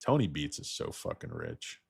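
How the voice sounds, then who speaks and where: Man, extremely deep voice, hoarse, getting sick, crude rambling livestream host, dry sound. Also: wildly swooping pitch, normal speed, no echo. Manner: rambling, crude, joking asides. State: losing his voice, feeling sick. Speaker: stock market livestream host. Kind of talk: casual livestream chat with viewers.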